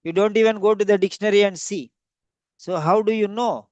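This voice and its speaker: Casting: high-pitched male teacher, emphatic and repetitive, dry close sound. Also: fairly quick, no echo, muffled recording. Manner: repetitive, emphatic, stretches key words. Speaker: English teacher. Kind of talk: classroom lecture.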